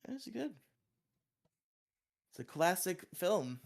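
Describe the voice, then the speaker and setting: A man's voice: high-pitched, very animated, slow, vocal fry. Laughing young man chiming in on a podcast. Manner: laughs often, chimes in, jokey asides. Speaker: podcast co-host. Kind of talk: casual chat.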